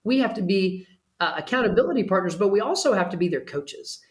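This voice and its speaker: An earnest man speaks as a guest on an interview show, explaining and persuading in a relaxed, conversational way. His voice carries a noticeable room echo. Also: high-pitched, fast. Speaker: pet trainer guest. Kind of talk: casual interview talk.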